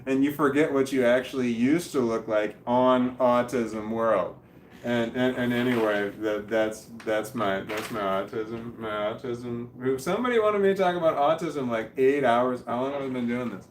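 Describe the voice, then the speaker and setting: A man talks off the cuff to his viewers at a middle pitch, rambling, dropping swear words and losing his thread. His voice bounces around a roomy space. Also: normal speed, a little hiss or hum. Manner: rambling, swears constantly, loses his train of thought. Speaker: livestreamer answering chat. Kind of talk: rambling casual monologue.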